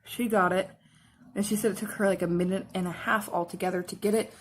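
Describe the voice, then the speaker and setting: A woman's voice: mid-range voice, fairly even intonation, fast, slight background noise. A young woman chatting casually while she does her makeup, rambling along with lots of "like" fillers. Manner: rambling, full of "like" fillers and laughs. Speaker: makeup and cosplay vlogger.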